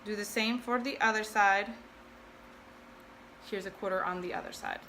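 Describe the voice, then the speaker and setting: A woman's voice: medium pitch, steady tone, normal speed, pushed and bright. Woman doing a laid-back sewing how-to, talks through each step, faint room hum behind. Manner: chatty, thinks aloud, self-deprecating asides. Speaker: sewing video host. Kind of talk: casual sewing tutorial.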